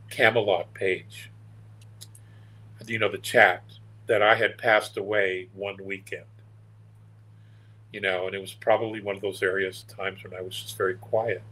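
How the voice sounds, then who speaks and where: A man's voice: on the low side, fairly bright tone, low-quality recording. An older man, a guest on an interview show, telling stories in a meandering, earnest and wry way. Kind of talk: casual storytelling interview.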